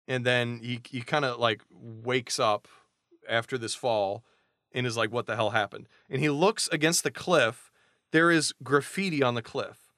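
A man co-hosting a podcast, casually retelling a novel's plot with quick voiced asides. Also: medium pitch, bright, forceful tone, no echo, clean studio sound. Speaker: podcast co-host recapping a novel. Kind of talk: casual chat.

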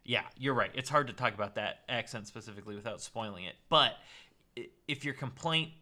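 A man's voice: mid-range voice, brisk, sharp tone. A young man co-hosting a casual chat, rambling with many restarts. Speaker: podcast co-host.

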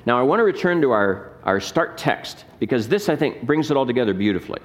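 A man's voice: mid-range voice, sing-song, quick pace. A man, a pastor, preaching a sermon with emphatic rhetorical questions and scripture reading.

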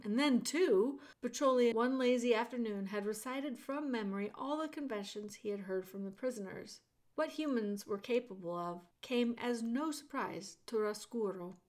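A woman narrating a children's audiobook, talking straight to the listener with expressive storyteller pacing. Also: on the high side, normal speed. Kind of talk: audiobook reading of a children's novel.

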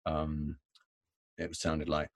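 A middle-aged man telling an anecdote in conversation, animated, with restarts and laughs. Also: very deep voice, extremely slow, creaky, dry recording. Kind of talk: conversational storytelling.

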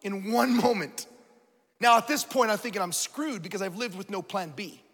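A man preaching a sermon with a high, bright voice that rings through a large hall. He tells his story in an animated, self-mocking way. He laughs often. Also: moderate pace.

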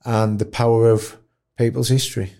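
A man telling a moving story in an interview, acting out other people's voices and dropping to a hush at tender moments. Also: medium pitch, moderate pace, gravelly. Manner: animated storyteller, acts out voices, drops to quiet. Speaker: guest, dementia campaigner. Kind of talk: storytelling in conversation.

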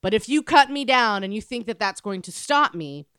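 A woman with a high, bright voice chats in an animated, playful way, laughing often. Her pitch swings up and down, and the sound is dry and close to the mic. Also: normal speed, clean tone, no room sound. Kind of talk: casual chat.

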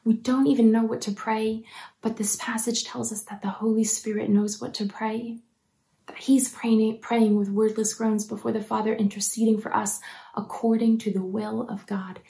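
A woman delivers a sermon with an earnest, encouraging warmth. Her voice sits a little high but sounds mellow, and she often softens to a near-whisper for emphasis. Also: little pitch movement, moderate pace, gravelly. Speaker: preacher.

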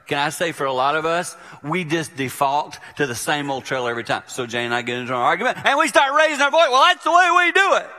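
A man's voice: mid-range voice, bright, forceful tone. A middle-aged man preaching a conversational sermon as a pastor, telling stories and acting out the quotes. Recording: live hall reverb.

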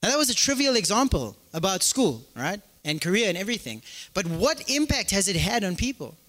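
A pastor preaches a little fast in a voice that sits high, animatedly joking and acting out small dialogues. The sound has the echo of a hall.

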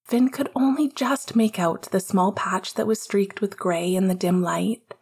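A woman narrating a work of fiction aloud, in a gentle, measured storytelling manner. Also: mid-range voice, slightly rough.

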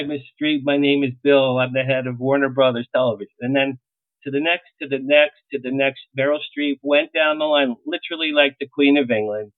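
A middle-aged man, a publicist, telling lively anecdotes in an interview and acting out the lines he quotes. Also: mid-range voice, dry recording. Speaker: publicist guest. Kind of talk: storytelling interview. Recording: tinny phone-like line, dry.

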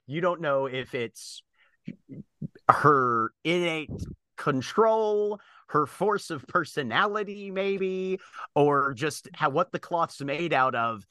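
A man running a tabletop game as game master, narrating scenes in a relaxed, lively way. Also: a little high, dry recording. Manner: lively, relaxed, laughs easily.

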